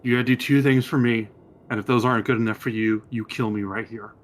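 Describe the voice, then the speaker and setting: A man's voice: mid-range voice, fairly even intonation, fast, natural voice. A man voicing a hardened woman prisoner in a tabletop game, talking bluntly and swearing. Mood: defiant. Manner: blunt, profane and defiant.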